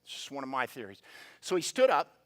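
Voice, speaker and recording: A man preaching a sermon in a church, telling stories with quick asides and playful voices. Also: mid-range voice, huge pitch swings, fairly bright tone. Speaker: pastor. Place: church sanctuary.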